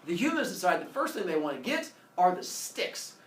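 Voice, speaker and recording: A man's voice: sits high, fairly quick, slight background noise. A man teaching a class, telling a story with jokes and acting out the characters. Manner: animated, jokey, acts out characters. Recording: echoey classroom from far off.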